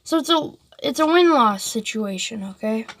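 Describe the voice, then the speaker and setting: A woman's voice: fairly high pitch, animated, moderate pace, no echo, clean studio sound. A woman telling a story casually, rambling with lots of "like" and restarts.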